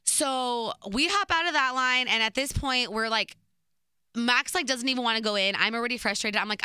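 A young woman telling a story to camera in a chatty, casual way, full of fillers and lively retelling. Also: fairly high pitch, normal speed, clear, resonant tone, no room sound, studio quality. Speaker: vlogger.

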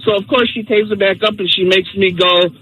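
A man telling a funny personal anecdote on a radio show, animated and lively. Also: high voice, brisk, husky, highs cut off. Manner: animated storyteller. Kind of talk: storytelling anecdote.

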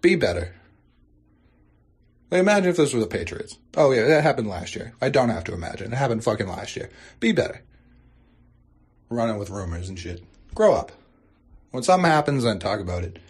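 A young man hosting a sports podcast, ranting and swearing, his voice jumping high when outraged. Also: sing-song, fast talker, hardly any pauses, slightly rough. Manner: exasperated, swearing, bursts into high-pitched outrage. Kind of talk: profane ranting podcast intro.

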